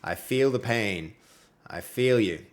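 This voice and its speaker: A man's voice: fairly low pitch, expressive, takes it slowly. A young Australian man streaming while he codes, chatting casually with viewers and reading their messages aloud, with a friendly manner and plenty of fillers. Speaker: livestreaming programmer. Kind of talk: casual live-stream chat while coding.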